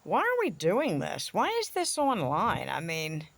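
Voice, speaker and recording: A woman's voice: on the low side, wildly swooping pitch, measured pace, vocal fry, noisy background. A woman vlogger ranting in a casual, blunt, crude way, with sarcastic jabs and mocking asides. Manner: sarcastic, swings into mocking voices. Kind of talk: casual opinion rant to camera.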